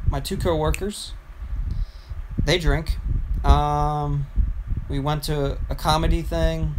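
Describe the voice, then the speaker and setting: A young man talks loosely on a livestream, wandering through a story and restarting his sentences. His voice sits a little high for a man. A faint noise hums under the recording. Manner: meandering storytelling with frequent restarts. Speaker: gaming livestreamer. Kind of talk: casual rambling livestream chat.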